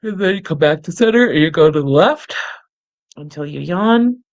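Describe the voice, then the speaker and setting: Low gravelly woman guiding a breathing practice. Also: animated, muffled recording. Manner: soft and unhurried, laughs at herself. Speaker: host leading a guided breathing practice. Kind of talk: gentle guided meditation, chatty asides. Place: home, close to the camera. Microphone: camera mic, close.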